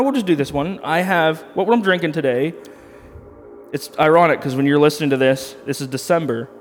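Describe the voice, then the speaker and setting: A man in his thirties co-hosting a podcast, reviewing beer in a rambling, crude, joking way. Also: fairly high pitch. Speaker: podcast co-host. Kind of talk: casual beer review chat. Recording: long reverb.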